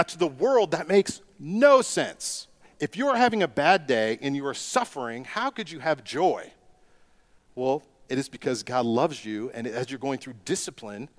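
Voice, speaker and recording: A middle-aged male pastor preaches a sermon at a medium pitch. He leans on rhetorical questions and pushes into emphatic bursts for his key points.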